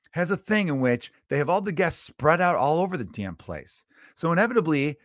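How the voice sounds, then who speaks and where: A man's voice: mid-range voice, no room sound, studio quality. A male comedian hosting his own podcast, ranting in an exasperated, profane, rambling way into a podcast mic. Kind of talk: solo comedic rant.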